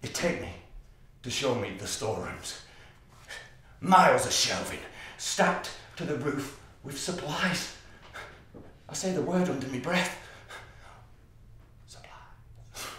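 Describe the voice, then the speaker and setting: An actor playing a menacing, order-obsessed psychopathic man in a stage monologue, slow and intense, dropping to whispers and bursting out loud. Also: medium pitch, lively intonation, a little hiss or hum. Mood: fixated. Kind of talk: theatrical monologue. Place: theatre stage. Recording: distant, echoey stage recording.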